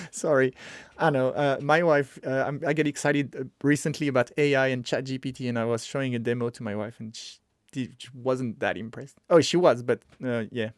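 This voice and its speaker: Man hosting a casual coding stream, mid-pitched, chatty and excitable, thinks aloud, dry close mic. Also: a little fast, no echo. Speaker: streamer teaching web development.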